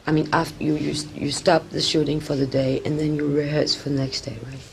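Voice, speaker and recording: Woman gravelly-voiced actress, halting speech. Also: low-pitched, flat delivery. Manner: halting, searching for words, many restarts. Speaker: actress and director, interview guest. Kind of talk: casual interview talk. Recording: old interview tape with faint hiss.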